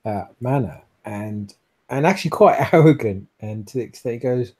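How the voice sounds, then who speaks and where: A man's voice: medium pitch, animated, moderate pace, dark tone, breathy edge. A man narrating as game master of a tabletop role-playing game, describing the scene in a rambling way with many fillers.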